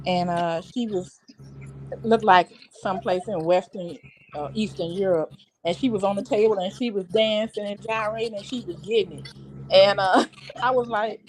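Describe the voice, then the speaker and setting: A woman's voice: medium pitch, fairly even intonation, moderate pace, a little hiss or hum. A woman in a casual panel chat, recounting things she saw with easy laughter. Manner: chatty, laughs easily.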